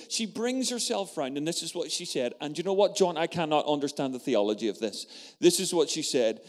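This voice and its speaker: A man's voice: a little high, sing-song, moderate pace. A middle-aged man preaching a sermon, telling a story and often turning to address the congregation. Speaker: pastor.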